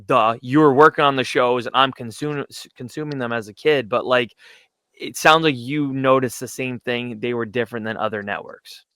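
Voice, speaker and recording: A young man hosting a podcast, asking relaxed, chatty questions. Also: medium pitch, moderate pace, clear, resonant tone, no echo. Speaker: podcast host. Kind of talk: casual interview.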